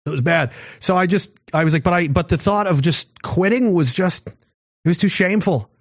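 A man's voice: sits high, moderate pace, no echo. A man in his thirties telling a war story in a casual, profane, rambling way, mocking himself and reading comments from chat. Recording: dull lo-fi dry sound.

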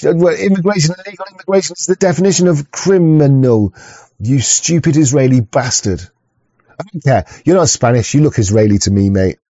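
Guy ranting and swearing, stops and restarts a lot, slightly high voice, dead dry sound. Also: animated, brisk, mellow, no room sound. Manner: rambling, swearing, frequent restarts, mock voices. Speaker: streamer reacting to a video. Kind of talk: profane ranting commentary. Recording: dull lo-fi sound.

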